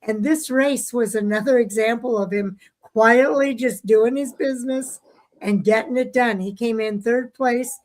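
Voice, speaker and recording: A woman's voice: on the high side, unhurried, a little mellow. A woman co-hosting a casual racing talk show, chatting with filler words and reading out listener comments. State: hiccups. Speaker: co-host.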